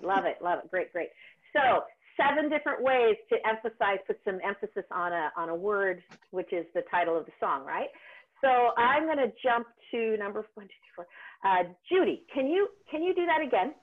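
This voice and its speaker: A woman's voice: medium pitch, expressive, fairly quick. A woman vocal coach running an online singing workshop, encouraging and chatty, with frequent ums and restarts. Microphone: video call. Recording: tinny phone-like call audio.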